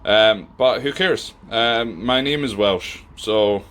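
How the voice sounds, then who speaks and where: A man's voice: fairly low pitch, slow pace, fairly bright tone. A man hosting a casual home cooking video, talking in a chatty, rambling way with many fillers, recorded on a camera in a kitchen. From Scotland. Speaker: podcast host.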